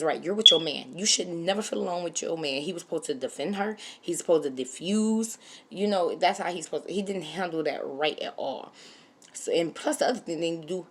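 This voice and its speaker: Low-voiced opinionated woman vlogger. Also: slightly rough. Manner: opinionated, animated, speaks straight to viewers. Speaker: reality TV reviewer. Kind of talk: casual opinion commentary.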